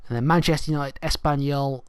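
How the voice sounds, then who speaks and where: A man's voice: on the high side, fairly even intonation, fairly quick, smooth, no echo. A young man giving casual, rambling let's-play commentary, thinking aloud as he goes. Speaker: gaming channel host.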